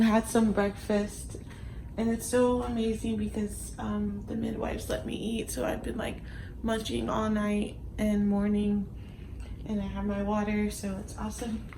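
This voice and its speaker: A young woman vlogging from a hospital delivery room, talking softly and casually with many fillers while she films on a phone. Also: fairly high pitch. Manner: chatty, gentle, soft-spoken, with fillers. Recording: echoey room, faint background noise.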